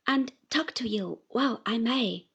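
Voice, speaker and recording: A woman voicing a gentle, devoted young woman who speaks softly and goes high when upset. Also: unhurried, creaky, breathy edge, muffled recording, exaggerated voice.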